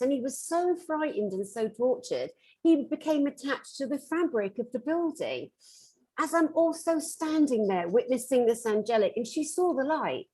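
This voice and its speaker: A woman's voice: sits high, breathy edge, low-quality recording. A woman working as a metaphysical therapist, telling a story on a conference panel and acting out the lines of the people in it. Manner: animated, acts out quoted dialogue.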